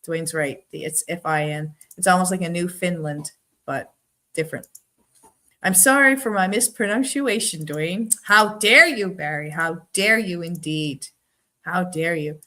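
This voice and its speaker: A woman's voice: lowish voice, measured pace, pushed and bright. A woman from Newfoundland with a Newfoundland accent, hosting a casual live-stream trivia game, chatty and giggly, reading viewers' answers aloud and teasing them by name. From Newfoundland, Canada.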